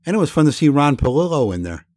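A man's voice: a little high, big pitch swings, fast talker, a little mellow, dry recording. Plainspoken man hosting, dry close sound. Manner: friendly, plainspoken, a few fillers. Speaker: podcast host. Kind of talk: casual podcast chat.

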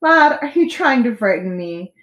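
A woman's voice: on the high side, sing-song, moderate pace, a bit bright, echoey room. A woman voicing a vain, boastful male captain of the guards who laughs off danger in a storybook reading. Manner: laughing, dismissive, swaggering.

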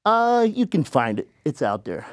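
Guy on a podcast telling a story, does the other people's lines higher, dry sound. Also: moderate pace, no echo. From United States. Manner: animated retelling, acting out quoted voices in a higher pitch. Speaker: podcast guest. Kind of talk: casual storytelling.

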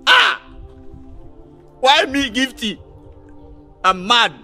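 A heartbroken young lover with a Ghanaian accent, as an actor plays him, wailing and pleading in a very high, swooping voice. His tone is bright and strained, and faint music plays underneath. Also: sing-song, extremely slow, heavily acted. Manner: wailing, pleading, crying out dramatically. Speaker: actor in a comedy film. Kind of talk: Ghanaian film acting.

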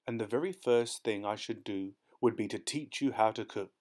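A man's voice: on the low side, moderate pace, darkish tone, lightly acted. A man voicing a doting elderly aunt of nearly eighty, fond and coaxing in tone in a storybook reading.

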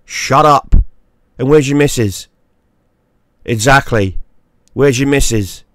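Speaking unhurriedly at medium pitch, a man who makes gaming videos on YouTube rants profanely and mockingly at the camera, repeating himself to drive points home. There's no room sound.

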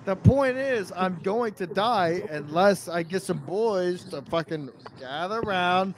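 A drunk podcast host, a man talking in a loud, pushy and repetitive way in casual chat. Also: high-pitched, slight background noise, rough recording.

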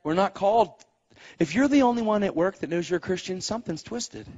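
A man preaching a testimony sermon, telling stories with loud exclaims and quiet asides. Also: brisk. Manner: animated storytelling, swings between loud exclaims and low asides. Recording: dull lo-fi live recording.

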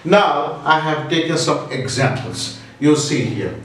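A man teaches English grammar in a slightly high voice, taking his time over every word. He hesitates often and repeats each rule carefully. The recording is very echoey, with the mic set some distance away. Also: lively intonation, a bit bright. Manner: slow, deliberate, repeats rules, many hesitations. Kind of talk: grammar lesson.

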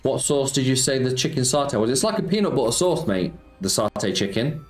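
A man with a medium-pitched, animated voice, talking a little fast, hosts a relaxed slots live stream. He reads his viewers' messages out loud, chats back, and says "mate" frequently. The recording has a roomy echo with music playing.

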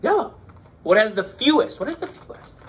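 A male teacher running a playful lesson for children, cracking pirate jokes and slipping into a gruff pirate voice. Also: sits high, big pitch swings, fairly quick. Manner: hammy, joking, slips into a gruff pirate voice.

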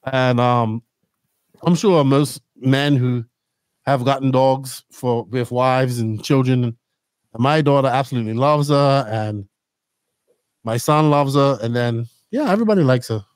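A middle-aged man hosting a podcast, telling rambling, animated stories in casual chat. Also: medium pitch, unhurried, dry recording, studio quality. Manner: rambling, animated storytelling with laughs. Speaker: podcast host.

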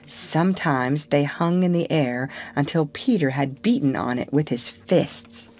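A woman narrating a children's classic for English learners in a measured, expressive storytelling manner. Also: sits low.

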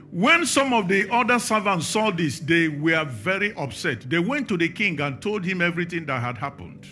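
A man's voice: high voice, expressive, normal speed, few pauses, sharp tone, faint music behind. A man with a Nigerian accent preaching a sermon, emphatic and firing questions at the congregation.

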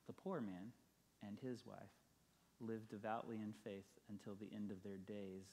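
A male pastor with a lowish, slightly mellow voice preaches a sermon, telling a story and building emphasis through repeated phrases.

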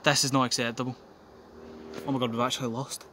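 A young man giving excitable, sweary, jokey commentary on his football game from his back garden, breaking into yells. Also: medium pitch, fast, a little hiss or hum. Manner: sweary, jokey, bursts into yelling. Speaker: gaming commentator.

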